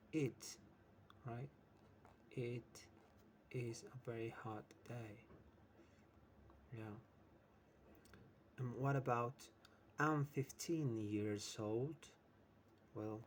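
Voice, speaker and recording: A man's voice: medium pitch, slight background noise. A man teaching an English lesson who explains with many examples and keeps checking in with "right?". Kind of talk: slow, patient English lesson.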